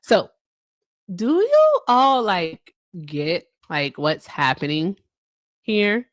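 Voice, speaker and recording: A woman's voice: mid-range voice, wildly swooping pitch, drawn-out words, dry recording. A woman hosting a casual livestream, chatty and laughing often as she talks straight to her viewers. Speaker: livestream host.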